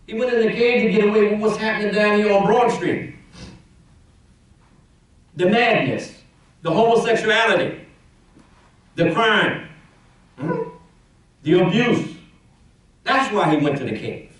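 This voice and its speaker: A man's voice: fairly high pitch, far from the mic. A man in his role as imam, giving a Friday sermon in a conversational preaching manner with rhetorical questions, his voice rising and dropping. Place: mosque prayer hall. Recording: very echoey mosque hall, speaker off-mic.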